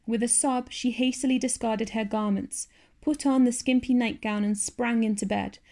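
Gravelly-voiced woman reading a classic novel. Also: on the high side, warm tone. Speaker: audiobook narrator. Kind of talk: scripted narration of a classic novel.

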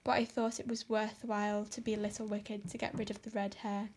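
A woman's voice: medium pitch, flat delivery, a little fast, darkish tone, a little hiss or hum, natural voice. A woman voicing a dramatic, despairing young orphan girl who pleads and exaggerates. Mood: pleading. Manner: melodramatic, pleading.

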